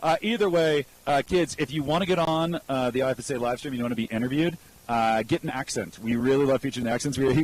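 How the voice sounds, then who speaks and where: A man's voice: medium pitch, a little mellow, breathy edge, low-quality recording. A man co-commentating a live freeride ski event in a laid-back, casual way with lots of fillers.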